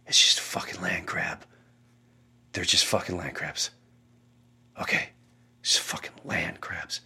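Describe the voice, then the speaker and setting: A man voicing his dazed, half-dreaming veteran father in a hushed, gruff whisper. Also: low voice, steady tone, a little slow, voice pushed down, heavily acted.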